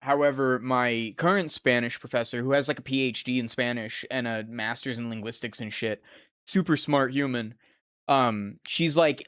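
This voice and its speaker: A young man rambles through a game stream in a relaxed, profane way and drifts from topic to topic. His voice sits at an average pitch. The sound is close and dry, with no room echo. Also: moderate pace, clear, resonant tone. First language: English. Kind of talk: casual gameplay commentary.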